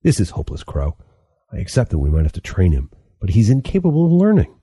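A man's voice: on the low side, huge pitch swings, fast talker, dark tone, husky, no echo, clean studio sound, pitched above the performer's own voice, exaggerated voice. A man voicing a stern, impatient mentor figure in an audiobook, curt and scolding. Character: stern harsh male mentor, impatient and cold. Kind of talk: audiobook character reading.

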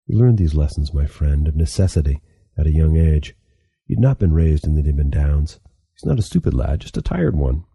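A man voicing a patient, wry older guide in an audiobook, calm and reasoning. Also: a bass voice, normal speed, vocal fry, breathy edge, no room sound, full character voice. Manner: calm, reasoning and gently teasing. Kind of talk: audiobook character reading.

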